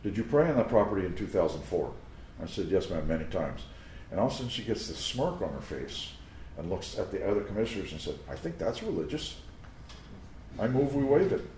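A man's voice: low-pitched, big pitch swings, quick pace, a little mellow, a little hiss or hum. A man preaching a sermon, telling stories in a conversational way with asides to his listeners. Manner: anecdotal, conversational storytelling with asides to the crowd. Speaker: pastor. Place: teaching room before a live audience. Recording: roomy echo of a room.

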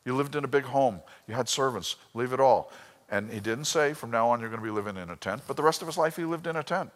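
A man preaching a sermon, telling a personal story with emotion and swinging between loud bursts and hushed lines. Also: mid-range voice, quick pace, long reverb tail. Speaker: pastor.

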